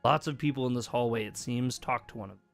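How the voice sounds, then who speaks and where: Man streaming a game, clear voice. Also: medium pitch, fast talker, faint music behind. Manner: casual, reacts and laughs while reading. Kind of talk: live gameplay commentary, reading game text aloud.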